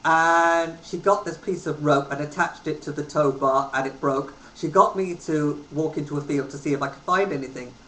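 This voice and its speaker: This is a thirty-something English man chatting loosely about his travels on webcam, um-ing often as he rambles. He speaks at a moderate pace with few pauses, in a slightly high, pushed, bright voice, captured in a roomy home recording with faint hiss.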